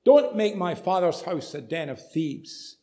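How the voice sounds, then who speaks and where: A man voicing a calm, authoritative teacher in a sermon, speaking slowly and gravely. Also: high-pitched. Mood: stern. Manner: slow, grave and firm.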